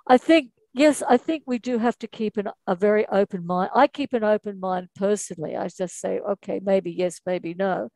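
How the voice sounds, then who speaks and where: A woman hosts a group discussion in a mellow, measured voice. The sound is dry, with no room echo. She keeps things moving calmly as she speaks. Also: mid-range voice. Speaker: host. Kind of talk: hosting a group video call.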